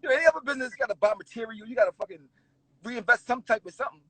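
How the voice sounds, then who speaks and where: A man's voice: very high-pitched, racing, husky, no room sound, rough recording. A man, a rapper telling stories in a casual interview, swearing and laughing as he goes. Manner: animated, swearing, laughing storyteller.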